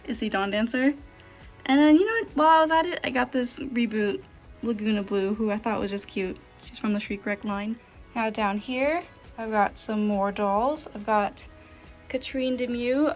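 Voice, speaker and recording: A young woman vlogger chatting casually about her collection, gushing and full of filler words. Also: on the high side. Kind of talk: casual show-and-tell chat.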